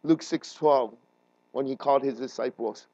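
A man preaching a sermon as a pastor, earnest and emotional, his voice building to loud emphatic peaks. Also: mid-range voice, normal speed, dry recording, highs cut off. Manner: emotional, voice rising and breaking while retelling a crisis.

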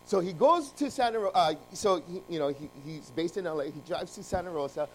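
A man preaching, telling a long story with lively ups and downs of loudness and frequent restarts. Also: a little high, brisk, a little hiss or hum, rough recording. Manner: animated, jumping between loud emphasis and quiet asides. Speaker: pastor. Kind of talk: sermon with storytelling.

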